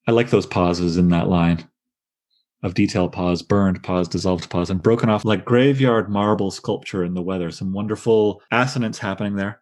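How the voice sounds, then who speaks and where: A man leading a poetry discussion, thoughtful, reading lines of verse aloud slowly. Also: lowish voice. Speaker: discussion leader.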